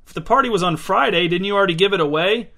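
Casual, nosy shop clerk, bright and quick, voiced by a male reader. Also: high voice, gravelly, voice pushed up, heavily acted. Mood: probing.

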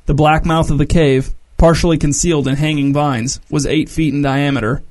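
A man reading a story aloud as narrator, measured and descriptive. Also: fairly high pitch, fairly even intonation, darkish tone.

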